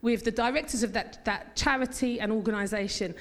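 A woman pastor delivers a sermon with an emphatic, call-and-response drive. Her voice sits fairly high, and a long reverb from the church hall trails after her words. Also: brisk, a bit bright. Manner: emphatic, calls congregation to repeat phrases.

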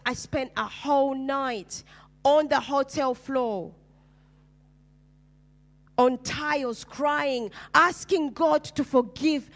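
A woman's voice: sits high, fairly bright tone. A woman from Uganda, preaching her personal testimony in an emphatic storytelling manner. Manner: storytelling, acts out dialogue, emphatic.

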